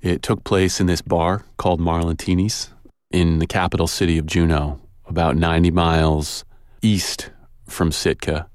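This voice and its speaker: A man telling a personal story in a relaxed, conversational way, with casual fillers and pauses. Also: sits low, no room sound. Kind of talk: personal story told aloud. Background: guitar music.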